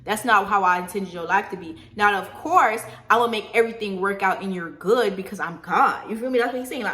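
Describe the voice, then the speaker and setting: A young woman, casually lecturing on faith and choices in an animated, slangy way, often asking "you feel me?". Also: mid-range voice, brisk, hardly any pauses. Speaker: faith vlogger. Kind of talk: casual preachy monologue.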